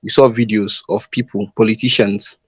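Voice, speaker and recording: A man, a pastor, giving measured, serious political comment with some hesitation in an audio chat. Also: on the low side, little pitch movement, slightly rough, no room sound, poor audio.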